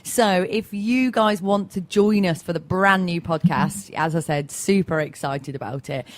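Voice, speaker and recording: Lowish lady hosting breakfast radio, chatty, dry studio sound. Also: measured pace, dry recording. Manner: chatty, upbeat, with fillers. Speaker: radio breakfast show host. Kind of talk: casual radio chat. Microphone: studio microphone.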